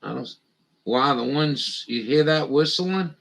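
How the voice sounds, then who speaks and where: A man's voice: fairly high pitch, measured pace, vocal fry, a bit bright. A man grumbling and swearing as he rambles through a live stream, muttering to himself as he reads.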